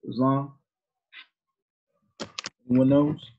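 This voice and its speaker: A man's voice: medium pitch, little pitch movement, very slow, a little hiss or hum. A man teaching an informal Sunday school class in a conversational way, asking his students questions, on a dull lo-fi recording.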